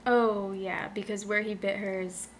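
A woman's voice: medium pitch, fairly even intonation, measured pace, slight background noise. A woman co-hosting a casual podcast who jokes and laughs a lot while chatting about a book series. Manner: bright, joking, laughs often. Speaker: podcast co-host. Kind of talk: casual chat.

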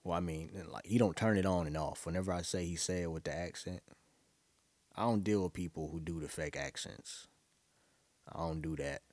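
A man's voice: sits low, fairly quick, a little mellow, no room sound. A young man from Brooklyn, talking in a loose, rambling, profane monologue to his listeners. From Brooklyn, New York. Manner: loose, profane, rambling storytelling with frequent laughs. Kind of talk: casual monologue.

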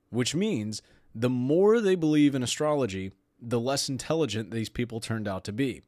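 A man's voice: medium pitch, animated, moderate pace, darkish tone, dry recording, clean studio sound. Sarcastic man hosting a podcast. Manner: sarcastic, opinionated, laughs while reading aloud. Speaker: podcast host. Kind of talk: casual podcast commentary.

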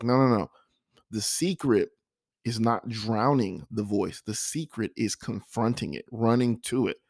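Low gravelly man musing earnestly. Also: no room sound, studio quality. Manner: earnest, repetitive, self-reflective. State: frog in his throat, clearing it. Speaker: vlogger. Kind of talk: reflective personal monologue.

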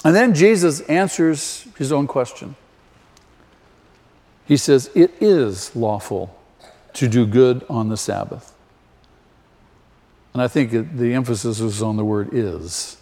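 A man preaching a sermon slowly and emphatically, with sudden loud rises for stress. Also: mid-range voice, expressive. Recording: long hall reverb.

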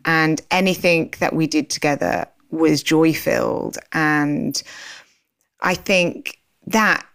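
A woman with a notably low voice tells her own story as an interview guest. She is animated and slips into the voices of remembered conversations as she goes. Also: takes it slowly, creaky. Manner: animated, acts out remembered dialogue.

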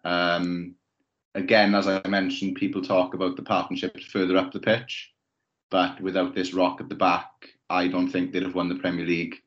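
Deep-voiced, measured male podcaster. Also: completely flat delivery, fairly bright tone, dull audio. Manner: measured, builds up trivia with pauses and ums. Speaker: podcast co-host. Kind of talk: casual podcast banter.

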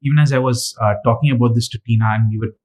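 A man's voice: medium pitch, fairly even intonation, very fast, a little mellow, poor audio. A man from Dubai preaching a sermon and reading scripture aloud, earnest, with frequent fillers and restarts.

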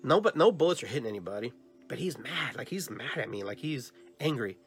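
A male podcast host telling a dream story in a lively way, acting out the dialogue he quotes. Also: mid-range voice, fairly quick, faint music behind. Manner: animated storyteller who acts out quoted dialogue.

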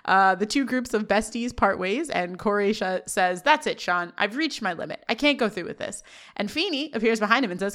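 A woman co-hosting a casual podcast, recapping scenes quickly and laughing often. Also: mid-range voice. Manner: animated, laughs often, quick paraphrasing of dialogue. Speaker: podcast co-host.

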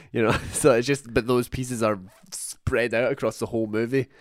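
A Scottish man with a middling voice tells anecdotes and laughs often. He asks his co-host questions in a relaxed podcast chat, recorded dry and close. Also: medium pitch, normal speed, no echo. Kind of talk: casual chat.

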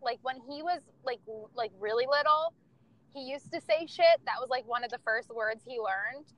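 A woman's voice: sits high, moderate pace, a bit bright, no echo, rough recording. A young woman telling candid, profane stories about her family in casual chat, laughing often.

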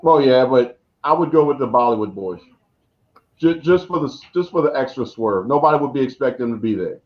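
A man's voice: medium pitch, animated, a little fast. Man talking wrestling on a muffled mic. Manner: lays out booking ideas, pushy questions. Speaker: podcast co-host. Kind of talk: casual wrestling chat.

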